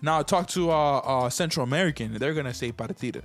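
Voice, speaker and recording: A man from Puerto Rico, co-hosting a casual podcast chat and talking in an animated way. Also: a little high, a little fast, faint music behind. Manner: animated, jumps into mocking parent voices. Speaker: podcast co-host.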